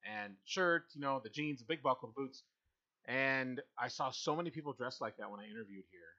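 A man's voice: medium pitch, animated, fairly quick, sharp tone. A young man telling a rambling, self-mocking story in a casual chat. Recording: slightly dull lo-fi sound.

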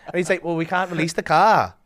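A man's voice: fairly high pitch, fast. A man, a stand-up comedian, telling a sweary anecdote in casual chat and acting out other people's lines. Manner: sweary, animated storytelling, frequent laughter. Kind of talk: casual anecdote with quoted voices.

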